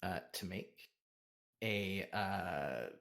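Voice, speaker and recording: A man narrating a tabletop role-playing game as game master, animated and often laughing. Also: low-pitched, very slow, gravelly.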